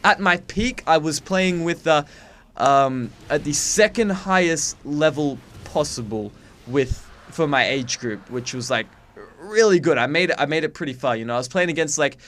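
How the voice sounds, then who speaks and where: Young guy, faint Aussie accent, slightly high voice, cheeky, swears a lot, webcam vlog. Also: animated, moderate pace, fairly bright tone. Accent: faint, watered-down Australian. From Australia. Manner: chatty, swears freely, self-mocking. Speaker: YouTuber. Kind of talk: casual chat to camera.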